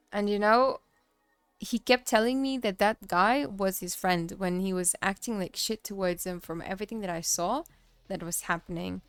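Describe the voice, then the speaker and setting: A young woman chats on her livestream, her stories full of "like" and "you know". Her voice is smooth and clear and sits in a middle pitch for a woman. The sound is dry and close, with faint music playing underneath. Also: dry recording. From Kazakhstan. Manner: rambling, heavy on fillers like "like" and "you know". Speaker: streamer. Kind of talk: casual storytelling on a livestream.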